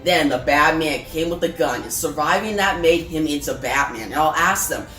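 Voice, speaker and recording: A taunting male villain clown monologues, read out by a woman in a fairly low, casual voice. The room echoes around it. Quiet music runs underneath. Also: moderate pace.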